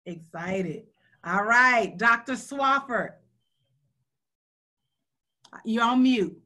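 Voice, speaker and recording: Bright-voiced woman host. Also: fairly high pitch, expressive, takes it slowly. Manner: heartfelt, earnest, near tears at times. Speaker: radio host. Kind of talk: emotional hosting on a video call.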